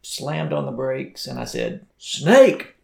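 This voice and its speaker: A man's voice: mid-range voice, sing-song, measured pace, gravelly, echoey room. A man co-hosting a running podcast, telling a story in a casual, playful way. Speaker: podcast co-host. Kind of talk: casual chat.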